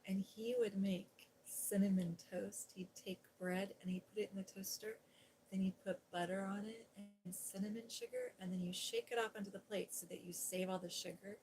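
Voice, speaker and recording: A woman hosting a soft-spoken ASMR livestream, chatting gently with viewers and recapping a children's story in a sweet, cooing tone. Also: mid-range voice, fairly even intonation, moderate pace, slight background noise, rough recording. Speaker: ASMR host reading aloud.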